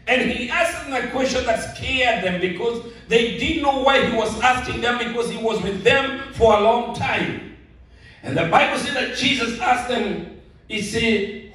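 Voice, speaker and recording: High-voiced pastor preaching in an echoing hall. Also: male voice, fairly bright tone. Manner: slow, emphatic preaching with repeated phrases. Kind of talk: sermon. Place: large auditorium. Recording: very echoey hall, mic at a distance.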